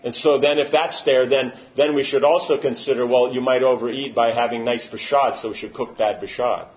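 Steady in tone and medium in pitch, a spiritual teacher talks a little fast during an informal religious session. He answers questions with emphasis and keeps asking "you know what I'm saying?" to confirm people follow. It's a muffled, lo-fi recording.

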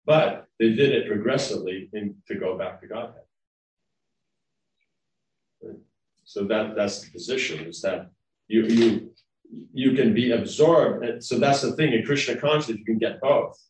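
Teaching a devotional class, a man lectures conversationally and wanders a bit, frequently checking in with the room. He speaks at a moderate pace in a lowish, darkish voice with frequent pauses, captured by a distant mic with a roomy sound.

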